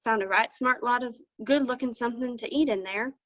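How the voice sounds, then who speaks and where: A woman's voice: a little high, a little fast, fairly bright tone, dry recording. A woman storyteller telling a folktale with folksy country phrasing over a video call. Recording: dull lo-fi dry sound.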